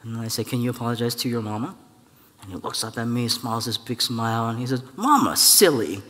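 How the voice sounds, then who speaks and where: A male church elder gives a sermon. His voice sits at an ordinary middle pitch and rings with long reverb from the church hall around him. He tells his story with animation and acts out the voices of the people in it. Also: little pitch movement, fast, fairly bright tone.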